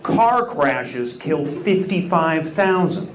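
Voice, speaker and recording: Man doing stand-up crowd work, fairly high voice, brash and teasing, echoey club, loud noise behind. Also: very animated. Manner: brash, teasing, quick punchlines. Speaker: stand-up comedian. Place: comedy club stage.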